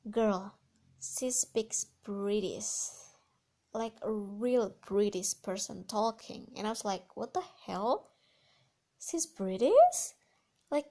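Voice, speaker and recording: A woman's voice: a little high, darkish tone. A woman with an American accent, hosting a solo podcast in a gushing, chatty way full of fillers and restarts. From Indonesia. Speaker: podcast host. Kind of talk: casual solo podcast chat.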